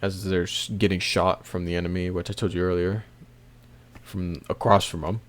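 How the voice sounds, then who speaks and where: A man casually recapping a comic chapter, rambling with many fillers and soft laughs. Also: sits low, level tone, normal speed. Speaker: manga recap video host.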